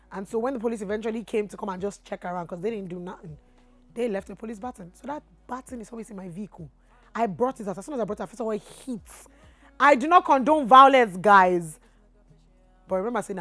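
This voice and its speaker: A woman with a Nigerian accent telling a storytime vlog, swinging from low asides to loud outbursts. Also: dry recording. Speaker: vlogger.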